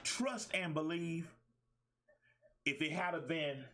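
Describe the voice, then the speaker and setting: A man's voice: on the high side, slow, bright, forceful tone. A middle-aged man hosting a talk show as a life coach, delivering a fired-up, preachy monologue with emphatic repetition and colloquial speech. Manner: preachy, emphatic, repeats phrases.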